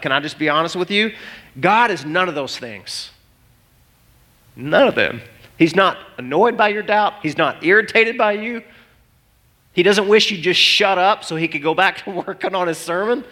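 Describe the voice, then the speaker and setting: A man in his thirties preaching a sermon, telling a story and acting out the voices in it. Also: high-pitched. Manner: animated storytelling, acts out voices. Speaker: pastor.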